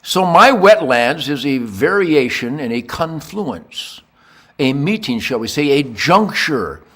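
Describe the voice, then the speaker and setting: An older man rambling through a podcast rant, brash and crude, dropping to low mutters and then shouting. His voice is bright and forceful, pitched a little high, and it swings widely up and down. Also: big pitch swings, takes it slowly. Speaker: podcast host.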